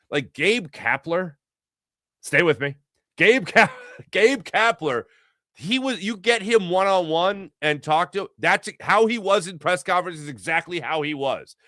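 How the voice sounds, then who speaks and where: Man, sports talk host, bright forceful voice, rhetorical and animated, dry close mic. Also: mid-range voice, dry recording. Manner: animated, rhetorical, arguing with mock quotes. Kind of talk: casual sports commentary monologue.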